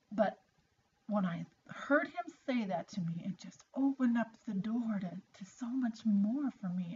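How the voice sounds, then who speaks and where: A woman's voice: medium pitch, darkish tone. A middle-aged woman talking straight to her viewers in a chatty, encouraging motivational vlog, restarting sentences as she goes. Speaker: vlogger. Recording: slightly dull lo-fi audio with faint noise.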